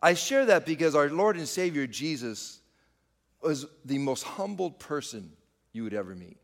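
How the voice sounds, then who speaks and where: A man's voice: on the high side, big pitch swings, normal speed, in a large hall. A man preaching a sermon, speaking straight to his congregation and rising and falling for emphasis. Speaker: pastor.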